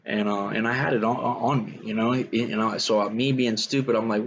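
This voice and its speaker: A man's voice: mid-range voice, normal speed, vocal fry, muffled recording, slight background noise. A young man telling his own life story in a casual, rambling way, full of "man" and "you know".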